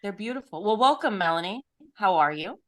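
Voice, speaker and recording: A woman's voice: medium pitch, animated, fairly quick. A woman co-hosting a podcast in casual chat, playful and self-deprecating, with a slightly phlegmy throat. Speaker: podcast co-host.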